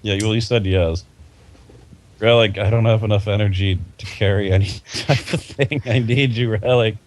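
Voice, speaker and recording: A man's voice: lowish voice, steady tone, normal speed. A young man co-hosting a gaming podcast, laid-back and wry as he complains about games. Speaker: podcast co-host. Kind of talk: casual gaming chat.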